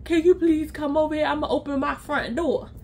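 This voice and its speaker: A woman voicing her frightened, weak female friend, who speaks faintly and pleadingly in halting bits. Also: high voice, steady tone, darkish tone.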